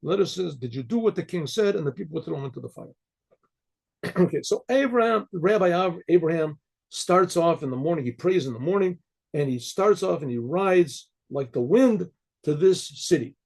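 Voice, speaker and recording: Male rabbi, storytelling, throat clearing, husky, high-pitched. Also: lively intonation, moderate pace, a little mellow. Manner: frequent throat clearing, repetitions.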